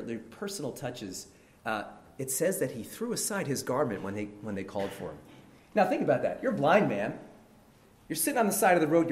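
A male preacher delivers a sermon in a lively, animated voice that rises and falls widely. He speaks at a middle pitch and often calls his listeners brethren. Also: reverberant.

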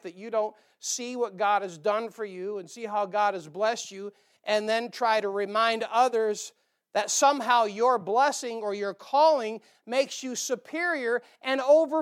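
A male pastor preaching a sermon, animated, acting out quoted voices and dropping into quiet asides. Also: high-pitched, clear, resonant tone.

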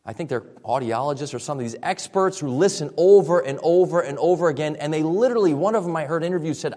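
A man's voice: fairly high pitch, lively intonation, fast talker, few pauses, mellow. A man preaching a sermon as pastor, speaking in a conversational way with frequent restarts. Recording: reverberant hall.

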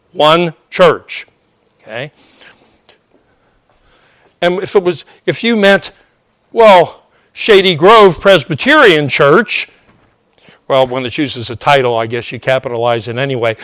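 A man preaching a teaching sermon, pausing often with "uh" and checking in with "okay?" as he explains scripture. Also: sits high, a bit bright, dry recording, clean studio sound. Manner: digressive, frequent "uh" and "okay?" checks.

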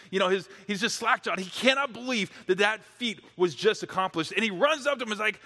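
A man's voice: high voice, lively intonation, fairly quick, few pauses, sharp tone, long reverb tail. A man preaching a sermon as a dramatic story, dropping to near-whispers at the tense moments.

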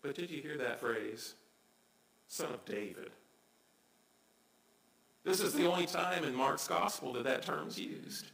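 A man preaches in a bright, ringing voice that sits a little high for a man. His delivery swings between quiet, hushed asides and sudden loud cries. The sound is roomy and echoing, as in a church hall. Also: moderate pace, vocal fry, hardly any pauses. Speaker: pastor. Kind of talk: sermon.

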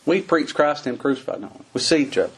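Husky folksy preacher, man. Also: medium pitch, lively intonation, quick pace. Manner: folksy, conversational preaching with rhetorical questions. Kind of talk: sermon.

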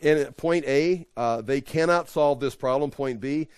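A man's voice: medium pitch, measured pace, darkish tone, smooth, dry recording. A man leading an evening Bible study, teaching in a conversational, emphatic way and often correcting himself.

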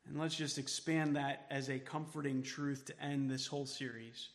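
A man preaching a sermon as pastor, emphatic, then dropping to soft tones for quoted words of comfort. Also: medium pitch, flat delivery, moderate pace, hardly any pauses, big-room sound. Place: church sanctuary.

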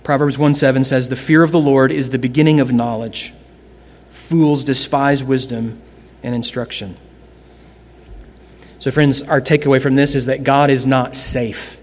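A man preaching a sermon as pastor, earnest, shifting between loud emphasis and hushed lines. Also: medium pitch, steady tone, unhurried, in a large hall.

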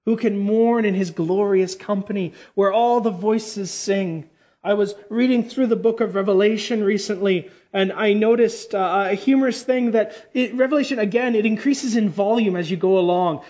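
A fervent male preacher with a high voice, rising to loud exclamations and then dropping into hushed, slow passages. He stretches out important words for emphasis. The recording sounds dull and lo-fi. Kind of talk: sermon.

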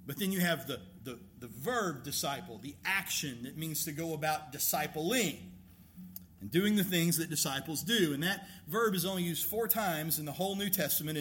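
A man preaching a sermon as a pastor, emphatic and animated, asking rhetorical questions. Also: a little high, slight background noise.

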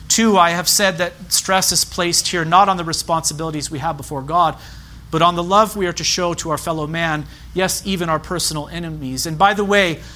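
A man preaching a sermon as pastor, measured and emphatic, repeating key phrases. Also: a little high, fairly even intonation, sharp tone.

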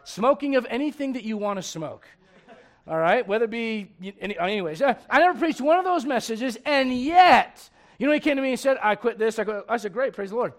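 Pastor, male, very high voice, lively sermon that swings from soft asides to shouting. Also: a little fast. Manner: animated preaching, swings from quiet asides to shouted emphasis; conversational, laughs with the congregation.

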